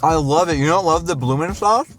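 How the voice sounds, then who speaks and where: A man's voice: fairly high pitch, a little fast, faint music behind. A man in his thirties hosting a cooking show, joking and explaining the cooking steps as he goes. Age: 30s. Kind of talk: casual cooking chat.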